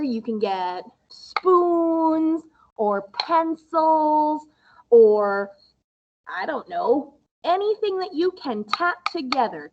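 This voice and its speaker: A woman music teacher giving a recorded lesson to young children, explaining slowly and patiently in a sing-song way. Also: high voice, lo-fi sound, background noise.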